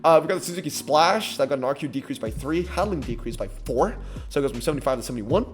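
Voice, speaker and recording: A man giving irritated gameplay commentary, ranting in an animated way with frequent fillers and restarts. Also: medium pitch, quick pace. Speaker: mobile racing game commentator.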